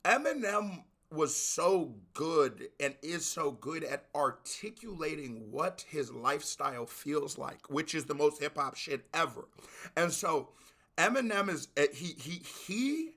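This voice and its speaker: A man hosting a music reaction video, talking casually and breaking into loud excited exclamations. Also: fairly high pitch, unhurried. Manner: animated, bursts into shouted exclamations.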